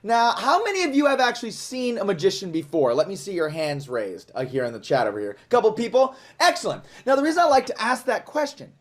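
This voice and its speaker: A man working a crowd as a magician, full of showy, self-mocking patter. His pitch swings up and down as he talks. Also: big pitch swings, quick pace, few pauses. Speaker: magician performing for a live audience.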